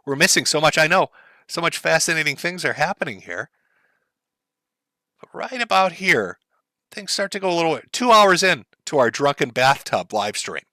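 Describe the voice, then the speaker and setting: Sarcastic middle-aged man, lively bright voice. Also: a little high, moderate pace, no room sound. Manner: mocking, sarcastic. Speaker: streamer commentator. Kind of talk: sarcastic live-stream commentary.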